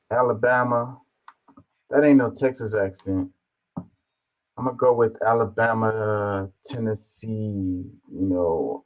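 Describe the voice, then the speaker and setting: A man with a fairly low voice reacts to a clip in casual commentary. He muses aloud, trailing off and circling back with many fillers. He reads comments out in the same relaxed tone. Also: low-quality recording. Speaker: reaction video host.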